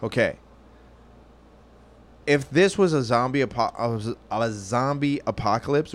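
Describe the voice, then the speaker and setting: A man hosting a casual, profane chat, rambling and joking, and asking loose hypothetical questions. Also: mid-range voice.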